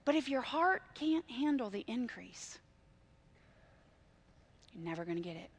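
A woman pastor, preaching with animated storytelling and dramatic swings from loud to hushed. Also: on the high side, measured pace. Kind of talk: sermon.

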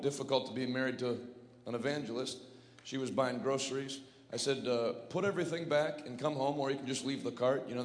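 Fervent male evangelist in echoey hall. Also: fairly high pitch. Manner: fervent prayer then conversational joking storytelling. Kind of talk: sermon with prayer and storytelling. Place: large church hall.

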